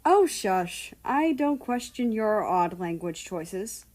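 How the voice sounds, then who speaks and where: A woman voicing a calm, gently teasing young man in a fan-fiction audiobook reading. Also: mid-range voice, slow pace.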